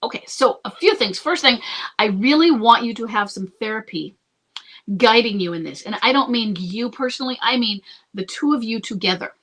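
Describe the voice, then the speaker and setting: Her voice a little high, animated, and a bit bright, a woman who coaches couples talks at a moderate pace to camera about a listener's question on rebuilding a marriage. She comes across as earnest and reassuring, checking in often with "okay?" and restarting as she thinks aloud.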